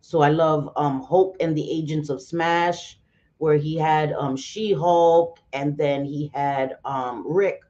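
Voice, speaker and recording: A woman's voice: sits low, steady tone, slow pace, dark tone, dull audio. A woman in her forties, chatting casually on a live stream, greeting viewers by name and swearing freely. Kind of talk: casual chat.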